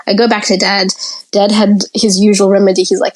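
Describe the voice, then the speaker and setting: On a podcast, a female guest frankly describes her childhood, telling it candidly in the present tense as part of a conversation. Her mid-range voice is fairly quick with little pitch movement, and the recording quality is low.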